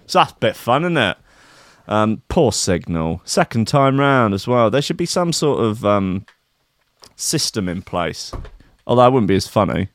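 A man's voice: on the low side, big pitch swings, moderate pace, dry recording, studio quality. A young British man hosting a casual livestream as a DJ, rambling, sweary and self-mocking as he chats. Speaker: DJ and stream host.

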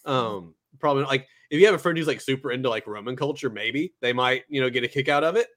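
A man's voice: medium pitch, fast talker. Laid-back young man reviewing anime. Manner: relaxed, rambling, filler-heavy. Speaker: anime podcast co-host. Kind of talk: casual review chat.

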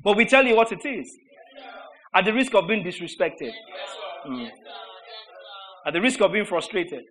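A man preaching a sermon, emphatic and rhetorical, with mocking repetition that swings between shouted lines and low asides. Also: sing-song, normal speed, low-quality recording.

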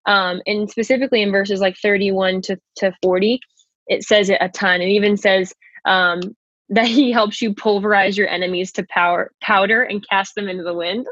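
A woman's voice: medium pitch, steady tone, moderate pace, fairly bright tone, no room sound, dull audio. Chatty emphatic woman podcast coach. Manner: chatty and emphatic, says "like" and "okay" a lot; reads scripture aloud between remarks. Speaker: podcast host and pageant coach. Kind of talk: casual motivational faith talk.

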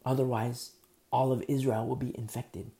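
A male pastor delivers a sermon, and his voice has a gravelly edge with a dark, mellow tone. He drives his points home through runs of emphatic rhetorical questions. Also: mid-range voice, little pitch movement, moderate pace.

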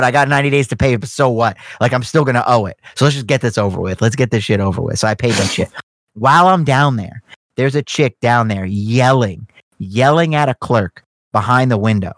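A man's voice: mid-range voice, lively intonation, fairly quick, fairly bright tone, dry recording. A young man telling a long, profane story in casual podcast chat. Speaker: podcast co-host.

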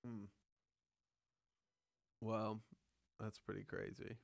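A man's voice: lowish voice, level tone, extremely slow, vocal fry, no room sound, studio quality. A man hosting a podcast, chatting casually with skeptical questions and easy laughter. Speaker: podcast host. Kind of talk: casual chat.

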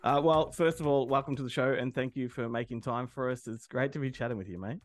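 A man's voice: mid-range voice, fast, soft background music. A man co-hosting a podcast, chatting casually, teasing and laughing often. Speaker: podcast co-host. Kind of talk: casual banter.

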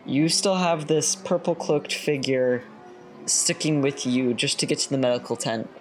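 A man running a tabletop role-playing game as its storyteller, narrating in a measured, relaxed way with light jokes. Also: mid-range voice, faint music behind.

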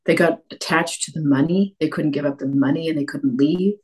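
Guest author, woman from Cape Breton, low voice, animated and chatty. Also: fairly quick, slightly rough. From Cape Breton, Canada. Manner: animated, many restarts and acted-out quotes. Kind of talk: conversational interview.

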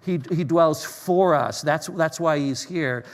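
A man's voice: a little high, slow pace. A middle-aged male pastor preaching a sermon, telling stories with many restarts and repeated words.

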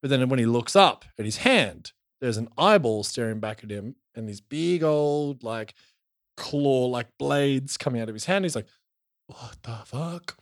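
A man's voice: medium pitch, normal speed, dry recording, studio quality. A man from Australia casually recapping a show as podcast co-host, telling it with energy and swearing. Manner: animated storytelling with swearing.

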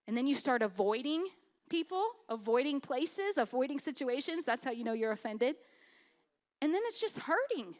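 A woman pastor giving a sermon in a conversational, humorous way. She swings from loud emphasis down to hushed, intimate lines. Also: high-pitched, very animated, moderate pace.

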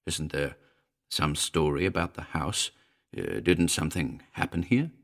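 Man reading a low, pressing gentleman buyer. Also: animated, unhurried, gravelly, heavily acted. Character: eager, intent gentleman house buyer.

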